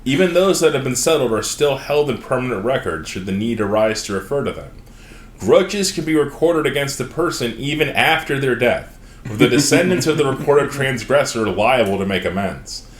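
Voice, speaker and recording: A man's voice: medium pitch, moderate pace. A man hosting a casual podcast and animatedly retelling fantasy lore, swearing often. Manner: animated storytelling, frequent profanity. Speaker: podcast host. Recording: roomy echo.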